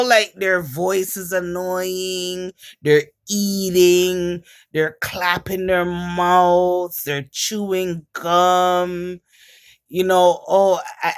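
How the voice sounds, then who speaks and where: A woman's voice: on the low side, clear, resonant tone. A woman with a Jamaican accent chatting casually to her camera, a rambling storyteller who swears often. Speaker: vlogger.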